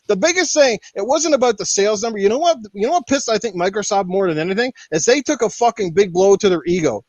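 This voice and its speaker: A high-pitched man hosts a podcast and rants hard, swearing freely and pushing each point with heat. The sound is dull and lo-fi, and the voice is dry with no room echo. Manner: profane, fired-up ranting. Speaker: podcast host. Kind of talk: casual podcast rant.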